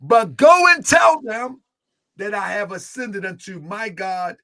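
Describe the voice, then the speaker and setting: A man voicing a wounded risen man who speaks with solemn, forceful commands. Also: high-pitched, slow pace, heavily acted.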